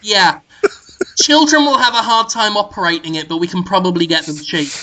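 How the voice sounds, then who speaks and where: A man hosting a casual comedic podcast, pitching absurd ideas in a mock-earnest deadpan. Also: normal speed, slight background noise. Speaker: podcast host.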